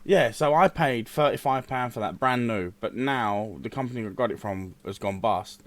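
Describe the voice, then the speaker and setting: A man's voice: medium pitch, moderate pace, no echo. A man co-hosting a casual podcast, teasing and needling the others. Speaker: podcast co-host. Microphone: cheap podcasting mic.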